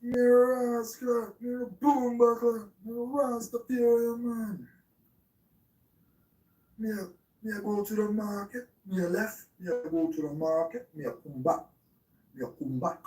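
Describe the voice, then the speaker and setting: Shrill sing-song market-goer. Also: male voice, steady tone, measured pace, warm tone, recorded from a distance. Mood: playful. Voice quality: high, chanting cadence. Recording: echoey room, off mic.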